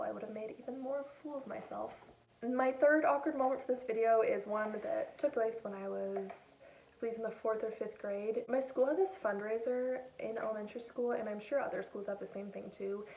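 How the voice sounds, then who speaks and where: Young woman rambling thru awkward stories, kinda high mellow voice, old phone mic far off. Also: echoey room. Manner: chatty, self-deprecating, acts out her own quotes. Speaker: vlogger. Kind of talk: casual storytelling.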